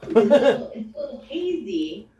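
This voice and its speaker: A woman's voice: fairly high pitch, big pitch swings, normal speed, dark tone, roomy sound. A woman playing a tabletop role-play game in a playful, laughing way, recorded distant and dull with faint noise. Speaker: player.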